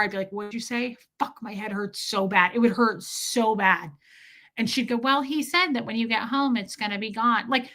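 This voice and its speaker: A woman's voice: medium pitch, pushed and bright. A woman live-streaming, telling a frank, profane, joking story in casual chat.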